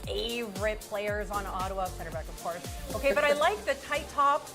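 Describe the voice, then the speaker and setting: A woman in her forties talking soccer with easy enthusiasm, often restarting her sentences. Her voice sits at a middling pitch. Faint music plays behind her. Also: normal speed. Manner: enthusiastic, chatty, frequent restarts. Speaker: soccer analyst and former goalkeeper. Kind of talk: casual studio panel talk.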